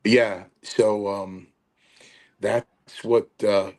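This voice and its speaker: A man's voice: on the low side, very slow. A man in his sixties, a retired pro wrestler and guest, telling stories casually and acting out the quotes with lots of fillers. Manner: animated, acts out quotes, many fillers. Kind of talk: casual storytelling.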